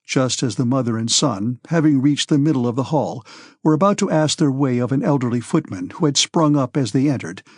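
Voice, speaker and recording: A man narrating a classic novel in a measured, steady audiobook reading. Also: mid-range voice, dry recording, clean studio sound. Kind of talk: scripted narration.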